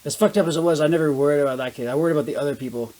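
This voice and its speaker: A man's voice: a little high, very fast, warm tone, a little hiss or hum, low-quality recording. A young man, a bit drunk, telling loose profane stories in a casual chat over beers. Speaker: guest.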